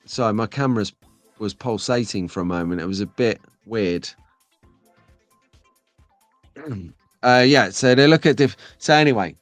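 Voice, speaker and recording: A man's voice: mid-range voice, no room sound. Chatty man on a live stream. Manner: chatty, rambling, reads chat comments aloud. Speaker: host of a live stream show. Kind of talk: casual live-stream chat.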